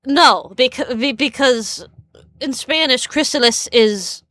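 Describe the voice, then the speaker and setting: A woman's voice: high-pitched, lively intonation, slow, bright, forceful tone, no echo, clean studio sound. A woman streamer chatting casually, rambling and stammering with frequent laughs. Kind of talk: casual live-stream chat.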